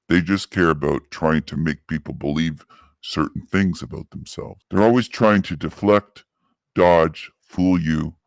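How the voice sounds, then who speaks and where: A man with a deep, low voice talks things through in a calm, earnest way, explaining his view step by step. The recording is dry and close, with nothing of the room in it. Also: no room sound. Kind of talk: reflective commentary monologue.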